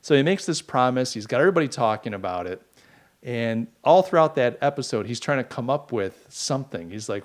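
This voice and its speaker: Animated rambling male podcast host. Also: medium pitch, brisk. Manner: rambling, animated, mocking asides. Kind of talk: casual opinion monologue.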